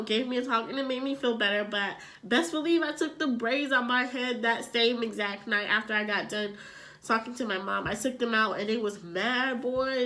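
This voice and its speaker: A young adult woman vlogger telling a personal story in casual chat, animated and filling her talk with "like". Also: a little high, slight background noise. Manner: chatty, animated, fills with "like".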